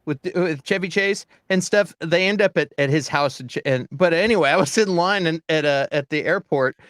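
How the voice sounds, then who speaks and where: High-voiced animated male co-host. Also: moderate pace, dry recording, studio quality. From Texas. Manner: animated storyteller, acts out quotes. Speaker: podcast co-host. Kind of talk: casual chat.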